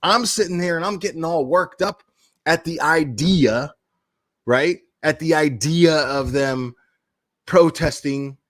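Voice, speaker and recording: Hot-headed male vlogger, casual profane rant, slightly high pitch. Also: slow, a bit bright. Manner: blunt, heated and profane, with laughing asides. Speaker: crime commentary YouTuber.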